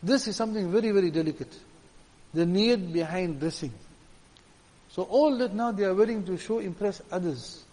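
A man's voice: sits high, moderate pace, a little mellow, long reverb tail, poor audio. A man preaching a sermon in an earnest, emphatic way, hammering home points with repeated phrases. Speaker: religious preacher.

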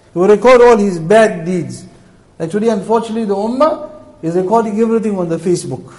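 A man preaching a sermon to his congregation, telling a moral story with impassioned, emotional appeals, swinging between loud passages and hushed ones. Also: sits high, low-quality recording.

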